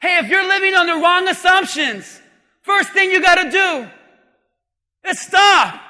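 A man preaching a sermon in an emphatic, often shouting manner, calling out to the congregation. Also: extremely high pitch, normal speed, long reverb tail. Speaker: pastor.

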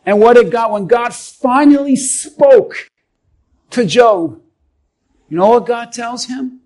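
A man's voice: very high-pitched, takes it slowly, a little mellow, low-quality recording. A man preaching a sermon as a pastor, emphatic and calling on the congregation to respond.

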